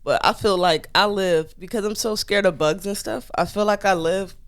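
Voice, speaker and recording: A woman of medium pitch and normal speed co-hosts a podcast, animatedly telling a story in casual conversation and imitating the quoted voices. There is no room sound.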